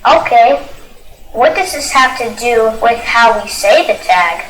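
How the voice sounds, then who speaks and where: A woman's voice: fairly high pitch, lively intonation, measured pace, a bit bright, slight background noise. Inquisitive woman in a scripted course dialogue. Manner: inquisitive, summarizing. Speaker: learner in a course audio dialogue. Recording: roomy echo.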